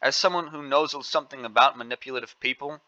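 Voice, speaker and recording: A man's voice: mid-range voice, quick pace, bright, forceful tone, dry recording, highs cut off. A man hosting an angry opinion commentary, scolding and indignant, repeating his points. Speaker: commentary channel host.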